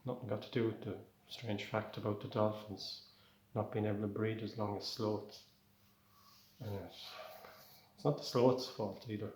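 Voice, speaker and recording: A man's voice: on the low side, flat delivery, moderate pace, darkish tone, roomy sound, a little hiss or hum. An Irish man doing a rambling, conversational stand-up set. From Ireland. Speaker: stand-up comedian.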